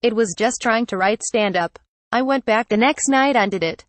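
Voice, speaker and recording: Flat synthetic woman reading news. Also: a little high, normal speed, no echo. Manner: flat read-out, reads photo credits and punctuation aloud. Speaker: news reader. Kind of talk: text-to-speech article reading.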